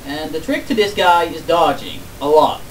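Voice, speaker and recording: A man's voice: a little high, moderate pace, distant mic, slight background noise, rough recording. A man playing a video game with a friend, teasing him, joking and swearing when he loses. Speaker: let's play commentator. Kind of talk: casual gaming banter.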